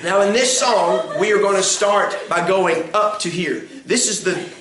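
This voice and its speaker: A male music instructor teaches song leading in a classroom, counting beats and singing hymn lines as demonstrations. His voice is high and measured in pace. He's recorded from afar on a distant mic in an echoey room, with a crowd in the background.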